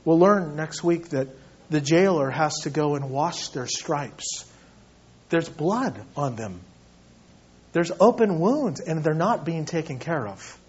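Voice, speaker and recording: A fairly high, husky-voiced man preaching a sermon in a church. He swings from loud, urgent appeals down to hushed, intense quiet. The recording is dull and lo-fi. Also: lively intonation, takes it slowly. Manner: dramatic preaching, swings between shouting and hushed tones. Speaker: pastor.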